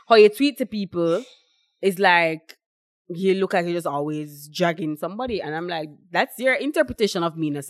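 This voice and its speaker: A woman's voice: on the low side, dry recording, clean studio sound. A young woman with a Jamaican accent chatting casually on a podcast, rambling with lots of fillers and quoting what others say. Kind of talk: casual chat.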